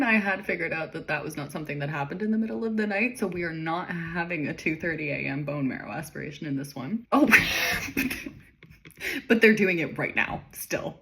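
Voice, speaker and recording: A woman's voice: lowish voice, a bit bright, rough recording. A woman casually recapping her own story, chatting and commenting on it with laughing asides.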